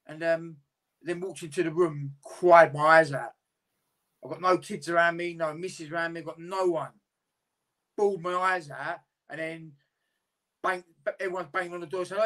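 A man's voice: on the high side, fairly even intonation, normal speed, fairly bright tone. A man, a boxer talking candidly and at length in a casual interview, swearing freely.

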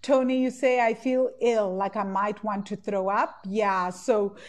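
A woman leading a live online class, reading out participants' comments and guiding them gently with many "right?" tags and fillers. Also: mid-range voice, fairly even intonation, measured pace.

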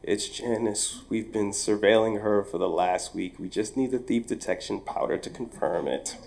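A secretive school office woman, as a male storyteller puts her on, keeps her voice hushed and low-key. She delivers each line flatly and matter-of-fact, as if sharing something confidential. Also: moderate pace, vocal fry, slight background noise.

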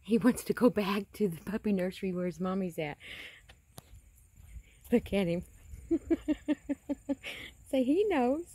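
A woman's voice: mid-range voice, animated, measured pace, long pauses, warm tone, breathy edge. A woman filming her farm outdoors, talking casually and calling to a puppy in a coaxing sing-song voice. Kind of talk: casual vlog narration.

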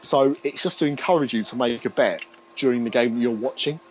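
A man's voice: mid-range voice, fairly quick, slight background noise, poor audio. British man rambling through a joking chat. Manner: rambling, joking and swearing, laughs often. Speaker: podcast host. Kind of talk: casual podcast chat.

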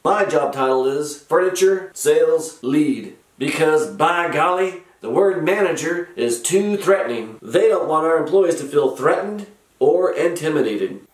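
A middle-aged man with a slightly high voice tells his comic stories in a slow, deadpan way, grumpy and sarcastic throughout. He sits back from the mic, and the room around him rings. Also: recorded from a distance. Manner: sardonic, dry, grumpy. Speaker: comedic storyteller host. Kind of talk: deadpan comic retail storytelling. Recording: roomy echo, from off-mic.

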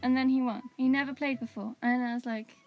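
A woman's voice: high voice, fairly even intonation, quick pace, dull audio, faint music behind. A young woman, co-hosting a casual chat and teasing her friend. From Wales. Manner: chatty, teasing. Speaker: co-host.

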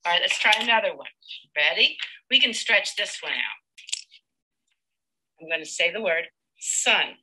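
A woman teacher working through a live demonstration lesson with a child. Her voice is very bright and sharp, and she stays patient and encouraging. She stretches out and segments each sound slowly. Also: on the low side, animated, breathy edge, low-quality recording.

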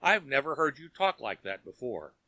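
A man's voice: medium pitch, very animated, normal speed, pushed and bright, dry recording, full character voice. Stern, shrewd older father, read by a man. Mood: guarded. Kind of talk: audiobook character reading.

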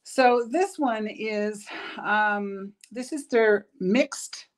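Tired middle-aged woman, shop host, chatty and rambling, stumbles over her words, mid-pitched voice. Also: drawn-out words. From Canada. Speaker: bead shop owner hosting a live product show. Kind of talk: casual live product showcase.

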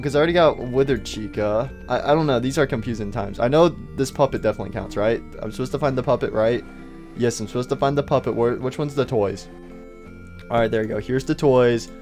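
A young man talking through his gameplay in a loose, joking way, teasing the characters he finds and muttering quick asides. His voice sits at an ordinary middle pitch, with faint game music behind him. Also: a little mellow. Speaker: gaming YouTuber. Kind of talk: casual let's-play commentary.

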